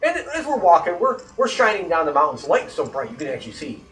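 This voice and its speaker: A man's voice: a little high, huge pitch swings, fast, a bit bright, echoey room, distant mic, rough recording. A man telling a story in casual chat, rambling and swearing, getting worked up when annoyed.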